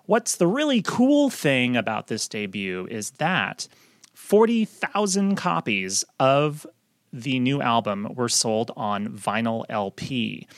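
A man co-hosting a music podcast, explaining chart figures in a steady, informative way with occasional fillers. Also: mid-range voice, slow, no room sound, clean studio sound. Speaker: podcast co-host, chart analyst. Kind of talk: casual podcast chat, explaining chart facts. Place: Los Angeles, remote line.

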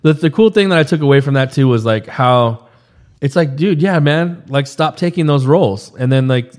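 A man's voice: mid-range voice, normal speed, a little mellow. A young man co-hosting a podcast, talking loosely and profanely in casual chat. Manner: loose, profane, says "dude" a lot. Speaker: podcast co-host.

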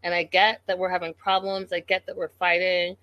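A woman's voice: fairly low pitch, monotone, brisk, no room sound, lo-fi sound. Exasperated woman recapping a show. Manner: exasperated, incredulous, talks straight to the show's people. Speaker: reality TV recap commentator. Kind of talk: casual commentary recap.

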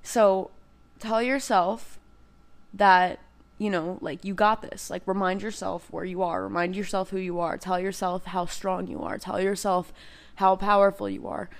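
A woman's voice: medium pitch, fairly even intonation, a little slow. A young woman hosting a casual self-help podcast, chatty and encouraging, full of "like" and "you know," speaking straight to her listeners. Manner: encouraging, direct address to listeners. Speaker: podcast host; cycling instructor.

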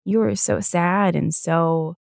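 A young woman hosts a solo podcast in a low, gravelly voice. She sounds tired and yawns now and then. She rambles on casually with lots of fillers and easy swearing. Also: fairly even intonation, slow, a little mellow, dry recording, studio quality. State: tired, yawning. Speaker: podcast host.

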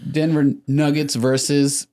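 A man's voice: fairly high pitch, level tone, a little slow, warm tone. A man co-hosting a podcast, chatting casually and thoughtfully with many filler words and easy laughs. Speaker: podcast co-host. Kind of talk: casual chat.

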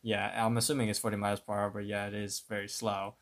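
A man co-hosting a podcast narrates a cartoon plot with pauses and restarts. His voice sits somewhat low. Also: level tone, a little hiss or hum. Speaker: podcast co-host. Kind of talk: casual episode recap.

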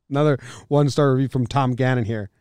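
A man talks into a close studio mic on his podcast, rambling and relaxed and laughing often. His voice is smooth and clear, and the sound is dry with no room around it. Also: mid-range voice, normal speed, no echo. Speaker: podcast host. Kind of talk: casual chat.

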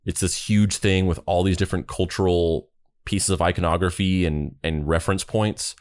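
Low-voiced, chatty male co-host. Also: steady tone, normal speed, darkish tone, no echo. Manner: thoughtful, chatty, laughs easily. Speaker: podcast co-host. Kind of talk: casual podcast chat.

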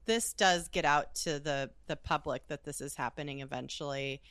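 Woman co-host, low voice, casual profane storyteller, dry close sound. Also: moderate pace, no echo. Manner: profane, animated, laughs a lot. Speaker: podcast co-host.

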